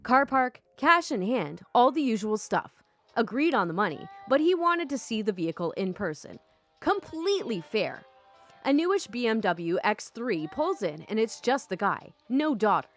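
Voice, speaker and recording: A young woman hosting a storytime channel, reading online stories aloud and commenting in a giggly, animated, casually sweary way. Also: fairly high pitch, moderate pace. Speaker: storytime YouTube host. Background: faint background music.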